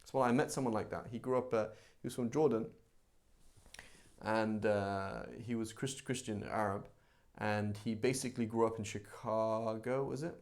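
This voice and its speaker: A man teaching a live religious class in a conversational, animated way, acting out everyday examples. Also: on the low side, normal speed. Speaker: Islamic teacher.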